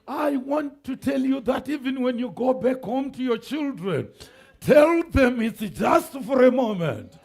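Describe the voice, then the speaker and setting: A man preaching a sermon, calling out to the congregation, shouting and laughing as he goes. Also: very high-pitched, unhurried, vocal fry, breathy edge. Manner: animated preaching with shouts, laughs and call-and-response. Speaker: pastor. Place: church sanctuary.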